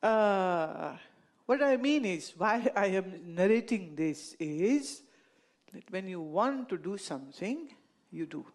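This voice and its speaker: Slow, playful Indian woman storyteller. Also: medium pitch, animated, darkish tone. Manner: playful, amused, laughs at her own stories. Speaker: speaker telling stories to an audience. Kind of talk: anecdotal storytelling talk.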